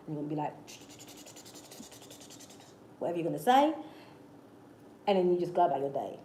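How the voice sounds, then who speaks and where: A woman talks straight to her viewers in an earnest, coaching way, circling back over the same points again and again. Her voice is fairly low and mellow. She sounds like she is in an echoey room, with faint ambient noise underneath. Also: big pitch swings, brisk, pauses often. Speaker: manifestation channel host. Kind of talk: casual motivational talk to camera.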